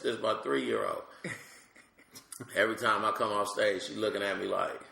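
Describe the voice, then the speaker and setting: A middle-aged male comedian telling animated, slangy stories as a podcast guest. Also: fairly low pitch, normal speed, vocal fry, pauses often. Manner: animated, slangy, lots of asides. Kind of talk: comic storytelling on a podcast. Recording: roomy echo.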